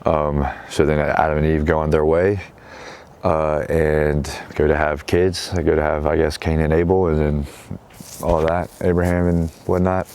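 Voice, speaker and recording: A man's voice: extremely low pitch, level tone, normal speed, a little mellow, slight background noise. A man hosting his own show, casually retelling a story in slangy talk and quoting the characters as he goes. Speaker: show host.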